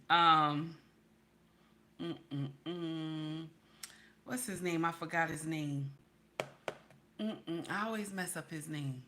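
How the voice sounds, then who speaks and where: A woman's voice: low voice, steady tone, slow, pushed and bright, slight background noise. A woman hosting a casual livestream, chatting with her viewers, greeting them by name and calling them baby and honey. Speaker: livestream host reading viewer chat.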